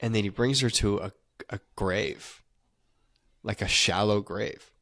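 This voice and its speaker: A low-voiced man tells a movie story with big energy, swears freely and slips into the characters' lines as he goes. The recording is close and dry, with no room sound. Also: measured pace, dry recording. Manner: animated storyteller acting out quotes, swearing. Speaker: podcast co-host. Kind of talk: casual movie recap chat.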